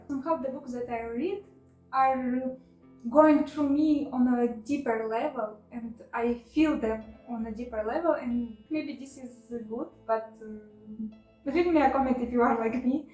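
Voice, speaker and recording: A woman's voice: fairly high pitch, darkish tone, roomy sound, poor audio. A woman with chatting casually in a book haul video, emotional and laughing often with many fillers. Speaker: book vlogger.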